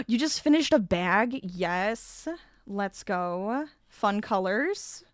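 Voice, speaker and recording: A woman's voice: medium pitch, lively intonation, drawn-out words, dry recording. A woman hosts a casual crafting livestream and chats with her viewers while she works. Her voice is a little scratchy as she recovers from being sick. The sound is dry and close to the mic. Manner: chatty, reads chat aloud, laughs often. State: slightly scratchy voice, recovering from illness. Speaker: streamer.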